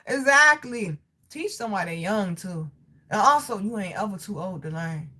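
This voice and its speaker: A woman hosting a casual livestream, talking straight to her viewers in a loud, profane, animated way with frequent laughter. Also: on the high side, moderate pace. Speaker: livestream host reading chat.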